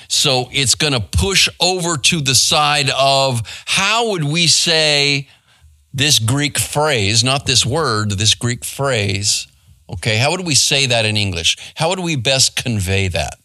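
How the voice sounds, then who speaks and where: A man's voice: medium pitch, bright, forceful tone, no echo. A middle-aged man and pastor, giving a casual Bible study with many fillers and asides to the room. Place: church hall.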